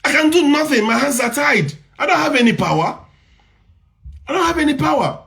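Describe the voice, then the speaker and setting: Nigerian guy ranting to camera, highish voice, keeps repeating himself and asking questions. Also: animated, fairly quick, vocal fry, a bit bright. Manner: emphatic, repeats points, rhetorical questions. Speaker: commentator. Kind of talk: impassioned social media commentary.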